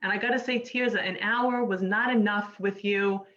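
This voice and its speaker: A woman's voice: mid-range voice, steady tone, moderate pace, a bit bright. A woman hosting a casual video-call interview, friendly and effusive, a little flustered. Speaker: host. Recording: dull lo-fi video call audio.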